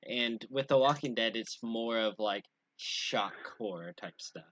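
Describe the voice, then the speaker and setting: A young man co-hosting a casual chat show, chatty and quick to throw in agreement. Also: medium pitch, a bit bright. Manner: frequent backchannel, chatty. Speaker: podcast co-host. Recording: dry, dull lo-fi sound.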